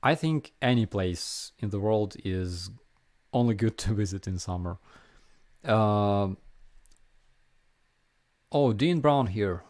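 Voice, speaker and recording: A young Ukrainian-accented man hosts a relaxed live stream, answering chat questions one by one. He speaks slowly, with a fairly low voice, and often pauses with fillers and restarts his sentences. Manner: halting, many fillers and restarts, reads chat aloud.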